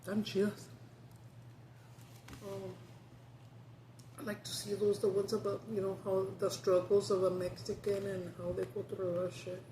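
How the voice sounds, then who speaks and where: A mukbang vlogger chats casually, talkative, swearing freely and laughing often. Her medium-pitched voice is mellow and completely flat, unhurried with frequent pauses, over slight background noise.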